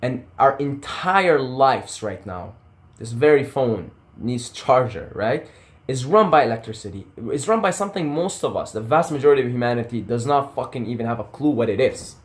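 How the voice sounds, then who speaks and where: A man's voice: mid-range voice, lively intonation, moderate pace. A young man talking casually to camera in a passionate, rambling rant full of swearing and tangents. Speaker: vlogger.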